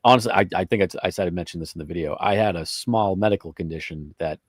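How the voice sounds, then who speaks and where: A man's voice: low voice, quick pace, no echo, clean studio sound. A man on a casual talk show, speaking upbeat with restarts. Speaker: podcast co-host. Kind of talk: casual chat.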